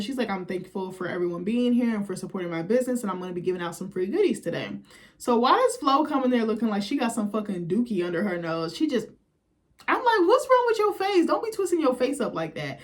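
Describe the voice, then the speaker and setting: A young woman casually recapping a reality show, blunt and profane, acting out the quotes she retells. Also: mid-range voice.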